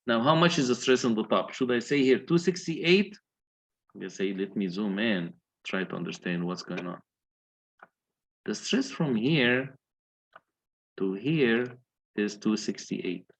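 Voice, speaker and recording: With vocal fry and a breathy edge to his mid-range voice, a man teaches engineering. He goes through calculations methodically, step by step, and asks his students questions.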